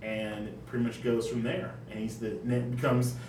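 A man co-hosting a comics podcast, explaining things in a loose, rambling manner. His voice is middle-pitched and sounds far from the microphone. The room gives an echoey ring, with a light hiss behind it. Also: flat delivery, normal speed. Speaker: podcast co-host. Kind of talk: casual comics podcast chat. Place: room in a house. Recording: roomy, distant mic, faint hiss.

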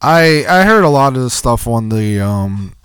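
A man's voice: mid-range voice, very animated, measured pace, fairly bright tone, clean tone, no echo, studio quality. A man co-hosting a podcast in casual chat, laid-back and giving short agreeing replies. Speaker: podcast co-host.

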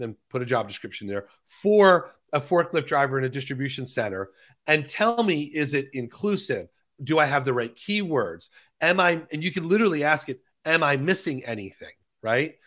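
Bright-voiced man explaining step by step. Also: on the high side. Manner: talks slowly through key phrases, many restarts. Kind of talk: conversational explainer.

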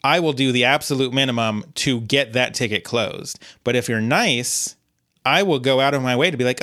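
Bright, clear-voiced male podcast host. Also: mid-range voice, a little fast. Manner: rambling storyteller with many fillers and restarts. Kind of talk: casual podcast chat.

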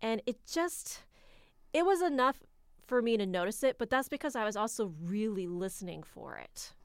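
American woman, film review co-host, smooth voice, dry sound. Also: fairly high pitch, lively intonation, normal speed, no echo. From United States. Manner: opinionated, laughs often. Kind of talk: casual film review chat.

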